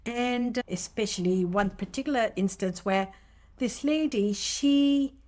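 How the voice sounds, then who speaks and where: Animated middle-aged woman telling stories. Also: fairly high pitch, measured pace. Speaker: podcast co-host. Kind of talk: casual chat.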